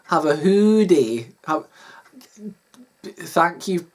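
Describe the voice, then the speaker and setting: A man's voice: on the high side, animated, very slow. A man hosting his own video channel, wrapping up in a rambling, casual way and repeating words as he searches for them. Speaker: YouTuber host.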